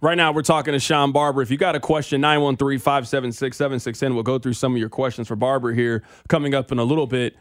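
A man's voice: mid-range voice, fairly even intonation, fast talker, few pauses. A man hosting a sports talk radio show, giving emphatic opinions.

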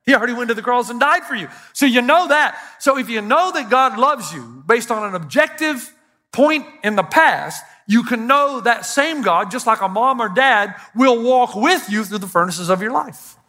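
A bright-toned older man preaches with a fairly high voice. He tells stories animatedly to a church congregation, with quick asides and self-deprecating humor. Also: expressive. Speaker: pastor. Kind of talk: sermon. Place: church stage before a congregation.

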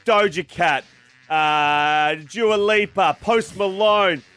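A man's voice: high voice, slow pace, a bit bright, clean tone. A man co-hosting a radio show, joking around while playfully reporting music news. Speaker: radio co-host.

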